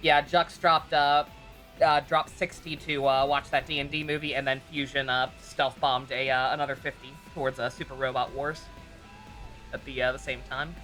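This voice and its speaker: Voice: mid-range voice, level tone, moderate pace, pushed and bright, faint music behind. A streamer chatting casually while playing a game live, reading lines aloud, laughing often and grumbling wryly.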